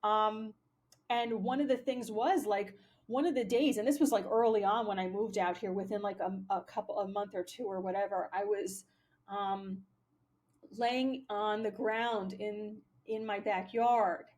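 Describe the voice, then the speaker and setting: A woman's voice: medium pitch, fairly even intonation, measured pace, darkish tone. A woman talking casually in a rambling monologue, swearing often and leaning on fillers like "like" and "um". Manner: rambling, profane, many fillers. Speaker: spiritual vlogger. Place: Pennsylvania.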